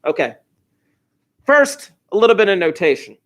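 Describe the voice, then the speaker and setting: Middle-aged male teacher, rambling and upbeat, somewhat high-pitched, lecturing a class. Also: very animated, moderate pace, fairly bright tone. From New Jersey. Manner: chatty, enthusiastic, wandering asides. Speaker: high school math teacher.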